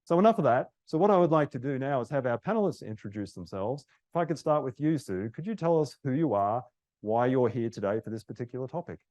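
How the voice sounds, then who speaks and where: A man's voice: mid-range voice, lively intonation, fast talker, darkish tone. A man hosts a seminar panel and moderates it politely. He introduces each topic in an orderly way and hands the questions to his panelists. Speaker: host, real estate agent.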